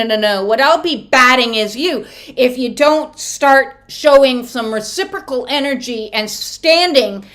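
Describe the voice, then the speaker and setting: A woman's voice: fairly high pitch, expressive, unhurried, fairly bright tone, slight background noise. A woman doing an oracle card reading in a casual vlog, talking in a blunt, profane, emphatic way. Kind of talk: casual spiritual vlog chat.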